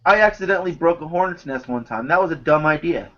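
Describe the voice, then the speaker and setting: A man telling stories in casual chat, animated and swearing often. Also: fairly high pitch, quick pace. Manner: animated storyteller, swears a lot. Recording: dull lo-fi recording.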